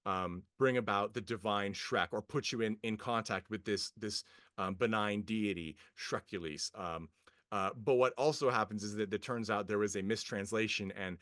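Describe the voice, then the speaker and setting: A man's voice: on the low side, moderate pace, a bit bright, no echo, studio quality. A man co-hosting a podcast, reviewing a film in casual chat, rambling with many fillers and restarts, amused and often laughing. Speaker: podcast co-host.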